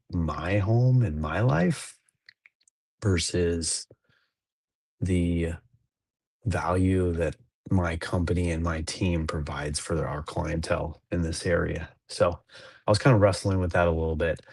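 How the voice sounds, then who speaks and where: A low-voiced man in his thirties chats on a podcast in a loose, rambling way, full of fillers and restarts. The sound is dry and close, with no room around it. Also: gravelly, a little mellow, husky, dry recording. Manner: rambling, laid-back, many fillers and restarts. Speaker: podcast co-host. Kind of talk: casual chat.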